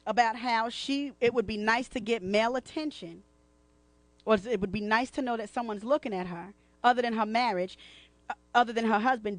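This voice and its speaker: A woman's voice: on the high side, dry recording. A woman hosting a talk radio show, chatting casually and sassily, addressing her listeners directly. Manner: animated, sassy, talks to listeners directly.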